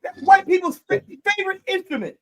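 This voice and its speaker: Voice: extremely high pitch, lively intonation, a little fast, low-quality recording. A host from Detroit in a casual streamed discussion, talking emphatically and trailing into fillers before pressing the point again. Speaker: podcast host.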